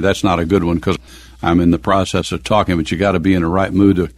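A man's voice: low-pitched, fairly quick, creaky. An older man from the American Midwest telling stories from his youth in an oral history interview, chuckling now and then.

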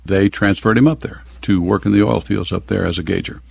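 Older midwest guy, low gravelly voice, reminiscing in an interview, chuckles here and there. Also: steady tone, a little fast, darkish tone, dry recording. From American Midwest. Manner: reminiscing, chuckles now and then. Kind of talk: oral history interview.

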